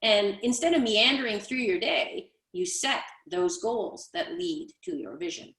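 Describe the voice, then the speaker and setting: A woman coach speaking on a conference panel in an energetic, emphatic way, building points through repetition. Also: medium pitch, measured pace, roomy sound. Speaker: guest speaker, leadership coach.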